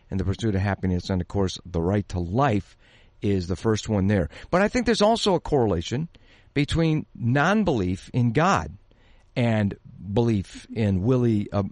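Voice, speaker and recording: A man with a low-pitched speaking voice hosts an interview, pressing hard on the words he wants to stress. The sound is dry and close, with no room around it. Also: a little mellow, dry recording. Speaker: interview host.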